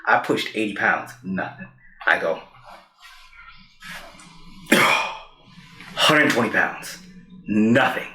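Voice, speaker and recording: Lively storytelling man in a roomy space. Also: lowish voice, measured pace. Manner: animated storyteller who acts out quoted lines. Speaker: podcast co-host. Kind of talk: casual podcast storytelling. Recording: roomy echo.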